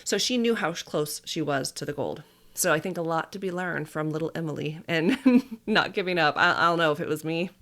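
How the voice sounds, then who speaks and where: A woman in her thirties, a dietitian and mother, hosting a podcast and retelling a family story in a chatty, animated way with little laughs. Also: low-pitched. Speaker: podcast host. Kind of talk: casual storytelling monologue.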